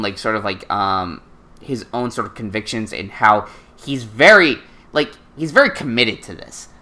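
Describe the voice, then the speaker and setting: A woman's voice: extremely low pitch, pushed and bright. A woman co-hosting a casual anime recap, retelling scenes with lots of swearing and acted-out lines. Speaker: co-host recapping anime episodes. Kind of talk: casual podcast chat.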